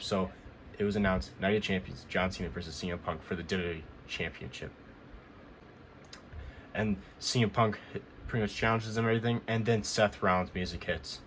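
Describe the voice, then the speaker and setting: A man's voice: deep voice, fairly even intonation, brisk, fairly bright tone, a little hiss or hum. A man casually recapping a show as a vlog host, rambling and repeating himself as he retells what happened. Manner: rambling, repeats "he goes" often. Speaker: wrestling recap vlogger.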